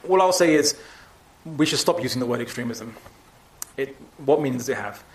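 A man's voice: medium pitch, expressive, a little fast, reverberant, a little hiss or hum. A man giving a public talk and taking audience questions, speaking emphatically with frequent restarts.

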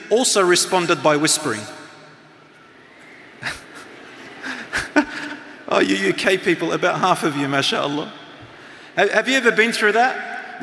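A man's voice: sits high, sharp tone, slight background noise. A middle-aged man and teacher giving a motivational talk to a live audience, engaging them with questions and activities. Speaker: speaker and teacher. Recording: long hall reverb.

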